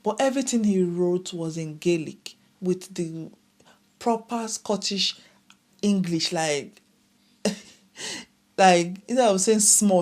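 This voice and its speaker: Chatty woman vlogger, lower voice. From Nigeria. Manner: chatty, laughs often, animated asides. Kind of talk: casual vlog chat.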